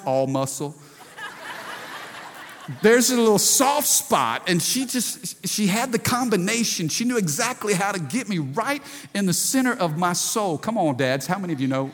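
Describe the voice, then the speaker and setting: A man's voice: sits high, expressive, moderate pace, few pauses, fairly bright tone, big-room sound. A pastor in his forties preaching a sermon, with frequent rhetorical questions calling for the congregation's response. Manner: preacherly, calls for audience response.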